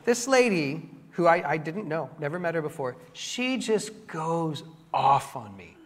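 A man's voice: a little high, normal speed. A man preaching a sermon as pastor, telling a story with self-mocking humor and acting out what people said. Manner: animated, self-mocking humor, acts out quotes. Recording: long hall reverb.

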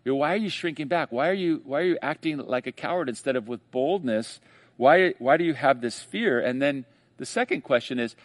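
A man preaching a sermon in a conversational way, slowing down and rising for emphasis on key phrases. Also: mid-range voice, lively intonation, no room sound. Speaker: pastor.

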